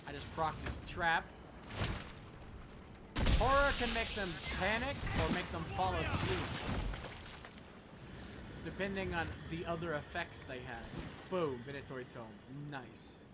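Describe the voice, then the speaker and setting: Young guy streaming a game, kinda high voice, chatty and swears a lot, noisy hiss behind. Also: animated, a little slow, pauses often. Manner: rambling, swears casually, chats to viewers. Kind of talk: casual gameplay commentary.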